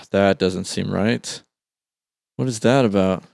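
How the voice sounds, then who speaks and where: A man's voice: low-pitched, takes it slowly, creaky, a little mellow, no echo, studio quality. A man hosting a let's play, chatting casually and thinking aloud with an easygoing, chuckling manner. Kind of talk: casual gameplay commentary.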